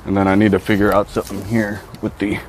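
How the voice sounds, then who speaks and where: A man in a casual vlog, talking in a rambling, excitable way and often saying dude. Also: lowish voice, fast, slight background noise. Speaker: vlogger.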